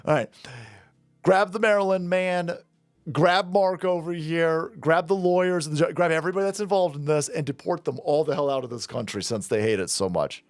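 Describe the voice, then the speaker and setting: A man's voice: fairly high pitch, a little fast, dry recording, faint music behind. A man ranting sarcastically and indignantly in a commentary vlog, with frequent swearing. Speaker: political commentator.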